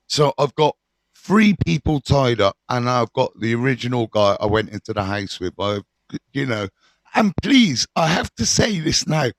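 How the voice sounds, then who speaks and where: A middle-aged man tells his story to a phone camera, candid and animated, swearing freely. His voice sits in an ordinary middle pitch. The sound is close and dry, with no room in it. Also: unhurried, no room sound. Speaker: recovery mentor telling his story.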